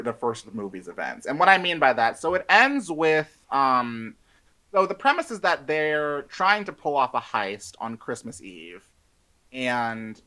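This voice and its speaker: Male podcast guest, rambling, loose delivery full of filler words, bright edge to the voice. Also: mid-range voice, poor audio. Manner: rambling, heavy on filler "like", laughs often. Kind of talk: casual chat.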